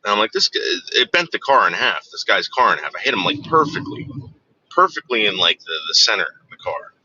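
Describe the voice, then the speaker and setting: A man's voice: lowish voice, very animated, a little fast, pushed and bright, a little hiss or hum. A man telling casual, profane stories in a rambling way that keeps doubling back on itself. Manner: profane, rambling, self-interrupting. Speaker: storyteller. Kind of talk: casual anecdote. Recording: dull lo-fi dry recording.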